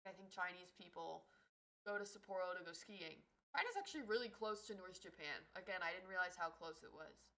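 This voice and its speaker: A woman streamer telling a story in casual livestream chat, animated and swearing freely. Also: lowish voice, fairly quick, rough recording.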